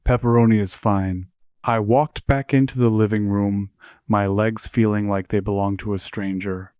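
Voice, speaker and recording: Low-voiced man reading a horror story. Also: fairly even intonation, moderate pace, darkish tone, clear, resonant tone, dry recording, studio quality. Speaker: narrator. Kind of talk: scripted horror narration.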